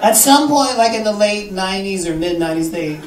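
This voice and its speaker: A man from Canada, talking as the guest at a live interview, joking, swearing and acting out quotes in an animated way. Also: sits high, brisk. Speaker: guest author. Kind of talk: live interview before an audience. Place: live event in a bar venue. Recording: echoey room, far from the mic, audience noise.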